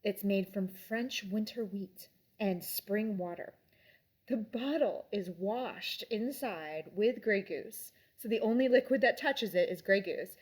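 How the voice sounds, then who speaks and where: A woman's voice: mid-range voice, a little slow, darkish tone. Chatty young woman with rambling fillers. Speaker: vlogger reviewing drinks and books. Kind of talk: casual chat.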